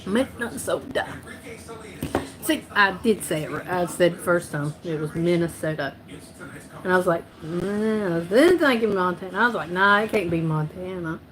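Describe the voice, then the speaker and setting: A woman's voice: fairly low pitch, expressive, moderate pace, a crowd in the background. Southern-voiced woman from hosting her live chat; loose, giggly, talks her way through her own mix-ups. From North Carolina. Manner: rambling, laughs often, self-correcting. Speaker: livestream host. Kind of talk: casual live-stream chat.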